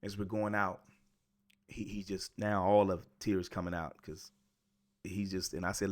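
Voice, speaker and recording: A man's voice: sits low, flat delivery, normal speed. Earnest storytelling man in his forties. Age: 40s. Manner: earnest, repeats words for emphasis, restarts. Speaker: motivational speaker. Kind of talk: personal storytelling.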